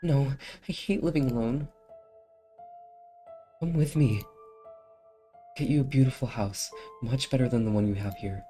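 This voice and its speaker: A lonely girl who begs and pleads, clingy and eager, as a streamer puts her on. Her voice sits higher than the reader's plain talk, with a soft, mellow tone. It is game dialogue read aloud on a stream. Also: measured pace, pauses often, faint music behind, close to an everyday voice. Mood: pleading. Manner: begging, clingy.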